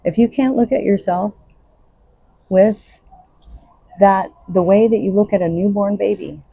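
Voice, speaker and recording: A woman's voice: medium pitch, a little slow, creaky, pauses often, mellow, breathy edge, dry recording. A woman hosting her own podcast, giving unscripted spiritual self-help talk in an earnest, coaching way. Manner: earnest, coaching, laughs between thoughts. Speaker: podcast host.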